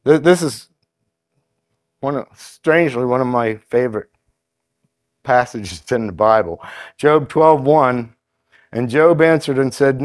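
A man's voice: medium pitch, measured pace, pauses often, no echo. Conversational preacher man, very dry sound. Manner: conversational, hesitant with fillers and restarts; reads scripture aloud in a steadier cadence. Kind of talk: sermon.

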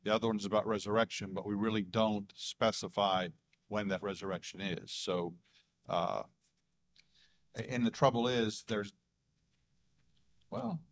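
Hesitant low-voiced man in discussion. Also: moderate pace, pauses often. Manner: hesitant, with many restarts and chuckles. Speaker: church leader drafting a statement of belief. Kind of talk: casual group discussion.

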